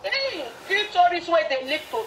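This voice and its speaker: A woman's voice: very high-pitched, big pitch swings, moderate pace, slight background noise. A woman in casual gossip chat, teasing and scornful.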